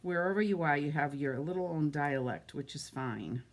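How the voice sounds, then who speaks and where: A woman with a Boston-area Massachusetts accent hosts a live card-making demo, speaking in a deep voice with lively intonation at a moderate pace. She chats casually, greets viewers by name, and thinks aloud as she works.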